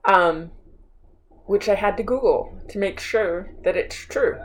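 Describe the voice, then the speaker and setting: A woman's voice: mid-range voice, takes it slowly, poor audio. A woman pastor with a Pacific Northwest American accent, preaching a sermon recorded at home in an enthusiastic, chatty, informal way. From United States. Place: her home.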